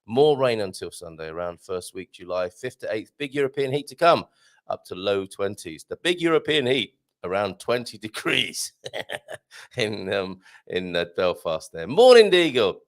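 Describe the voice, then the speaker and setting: A man from the British Isles hosts a live show from a small studio. He reads out listener messages and wanders off into jokey asides. His gravelly voice rises and falls a lot. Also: lowish voice, very animated, moderate pace. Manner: chatty, rambling, jokey asides. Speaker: radio show host.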